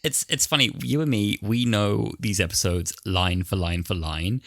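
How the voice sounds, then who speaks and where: A man's voice: lowish voice, normal speed, no room sound. A man, co-hosting a casual podcast and telling stories expressively. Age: 20s. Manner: lively, expressive storytelling. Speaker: podcast co-host. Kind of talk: casual chat.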